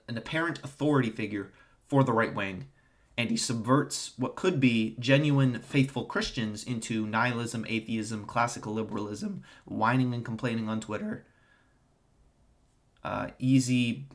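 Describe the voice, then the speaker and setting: A young man talking to camera in an opinionated monologue, with a ranting, sarcastic and contemptuous tone. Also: lowish voice. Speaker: online commentator.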